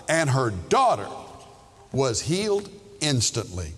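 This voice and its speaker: A man preaching a sermon as a pastor, slow and emphatic, putting rhetorical questions to his listeners. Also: a little high, fairly bright tone, big-room sound.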